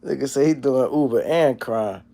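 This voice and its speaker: A man in his forties hosting a casual livestream, rambling and profane, dropping to low mumbles and then breaking into loud, animated rants. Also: normal speed, vocal fry. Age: 40s. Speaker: livestream host. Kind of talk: casual livestream chat, reading chat comments.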